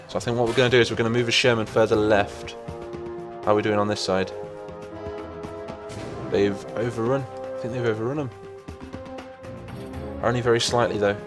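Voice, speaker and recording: A young man narrates a strategy game battle in a loose, chatty way, getting excited at every skirmish. He talks into a desktop mic over loud game music and crackling gunfire. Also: fairly low pitch. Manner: excitable, reacting aloud to the battle. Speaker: gaming channel host. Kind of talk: casual gameplay commentary.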